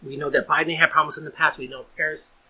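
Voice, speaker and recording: A man's voice: a little high, little pitch movement, quick pace, pushed and bright, husky, poor audio. A man talking earnestly in a casual podcast discussion, restarting and repeating words as he builds his point. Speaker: podcast host.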